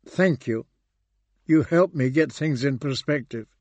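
A man voicing an earnest, courteous male android in an audiobook, speaking in a measured way. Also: medium pitch, darkish tone, no echo.

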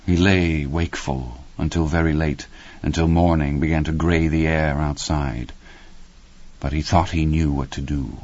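A man narrating a story in a steady, measured audiobook reading. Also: rumbling low, no room sound, dull audio.

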